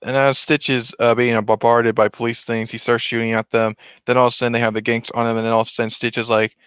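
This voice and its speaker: Casual man recapping a movie, rambling and excited, mid pitch, dry close sound. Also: quick pace, smooth, no echo. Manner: rambling and excited with many restarts. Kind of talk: casual retelling of a film.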